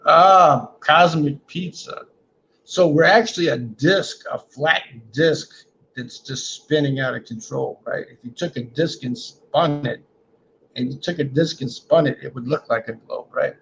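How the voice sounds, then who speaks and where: Brief: male livestream host, fairly high voice, joking and rambling, dull lo-fi audio with a faint hiss behind. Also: a little slow, creaky, a bit bright. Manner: rambling, joking, often ends lines with "man". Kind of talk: casual livestream chat reading comments.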